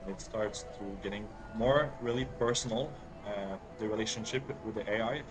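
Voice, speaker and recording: A man telling a personal story hesitantly, with many pauses and fillers. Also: fairly low pitch, over music. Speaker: interviewee.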